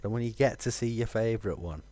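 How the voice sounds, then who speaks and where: A man's voice: fairly low pitch, fast, warm tone. A man, musing aloud with fillers while streaming a game. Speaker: gaming streamer. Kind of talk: casual let's-play commentary.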